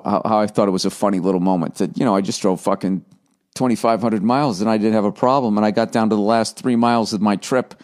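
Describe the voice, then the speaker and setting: Profane rambling man, low voice. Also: steady tone, fast talker, a little mellow. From United States. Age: middle-aged. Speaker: podcast host. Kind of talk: casual solo monologue.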